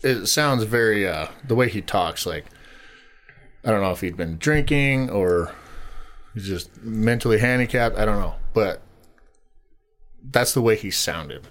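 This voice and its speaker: A man telling a story on a casual podcast, swearing freely and acting out shouted lines. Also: lowish voice, a little slow, long pauses. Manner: animated storyteller, swears a lot, acts out shouted quotes. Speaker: podcast co-host.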